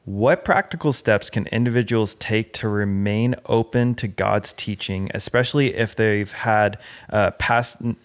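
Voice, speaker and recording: A man interviewing a pastor in a relaxed, casual way, often affirming. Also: fairly low pitch, measured pace, few pauses.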